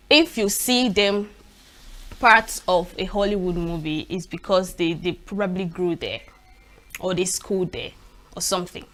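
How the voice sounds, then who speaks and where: A Nigerian woman in her twenties or thirties hosts a live newspaper review on TV. She speaks at a mid pitch in an animated, expressive manner. She laughs often and restarts her sentences as she goes. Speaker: TV presenter.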